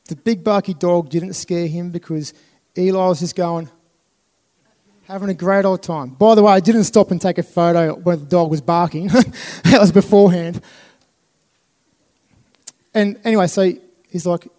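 High-voiced Australian man telling stories. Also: a little fast. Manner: animated storytelling with laughs and acted-out voices. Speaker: speaker. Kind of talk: motivational talk to a live audience.

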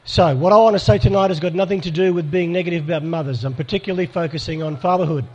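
A man's voice: fairly high pitch, quick pace, darkish tone, dull audio. Man leading a church workshop. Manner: pastoral and direct, asks audience for hands up. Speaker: speaker at a church conference. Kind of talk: live workshop talk to an audience.

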